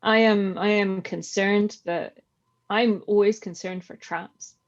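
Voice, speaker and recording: A woman's voice: mid-range voice, fairly even intonation, slow. A woman playing a tabletop game, chatty and self-deprecating. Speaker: player. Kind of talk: casual chat in a tabletop game. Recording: dull lo-fi mic.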